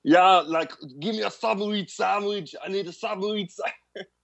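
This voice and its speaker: A man doing a comic, exaggerated impression of a tough action-hero man with a thick Austrian accent, pitched well above his own voice. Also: steady tone, normal speed, creaky, a bit bright. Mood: gruff, joking. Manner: comic, over-the-top impression.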